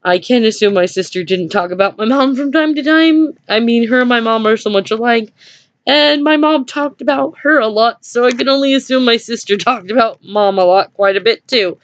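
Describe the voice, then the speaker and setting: A woman's voice: fairly high pitch, moderate pace, dry recording. Woman rambling through a personal story, lots of "you know" and nervous little laughs, dry muffled lo-fi recording. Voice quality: hesitant, many fillers and small nervous laughs. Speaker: vlogger. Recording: dry dull lo-fi home recording.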